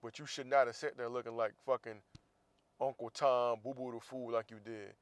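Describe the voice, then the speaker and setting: A man's voice: mid-range voice, level tone, normal speed, clean tone, no room sound. Blunt, profane man ranting on a dry mic. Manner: blunt, profane, heated ranting with sarcastic asides. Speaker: podcast host. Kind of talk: casual opinion monologue.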